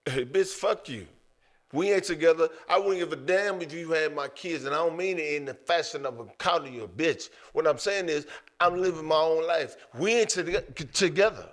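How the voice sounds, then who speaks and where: Man, casual podcast talk, blunt, profane, raised pitch. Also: a bit bright. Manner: blunt, profane, drawn-out musing. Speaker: podcast co-host.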